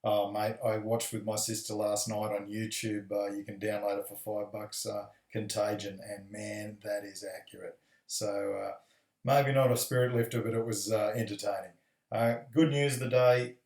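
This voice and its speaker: An Australian airline pilot giving a casual, rambling, friendly video message full of fillers. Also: male voice, fairly low pitch, little pitch movement, moderate pace, darkish tone, recorded from a distance. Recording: echoey room.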